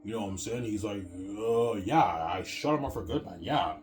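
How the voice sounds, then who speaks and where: A man's voice: lowish voice, animated, normal speed, soft background music. A man in a casual rant to his viewers, rambling and stammering, repeating the same filler words and swearing often. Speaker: vlogger.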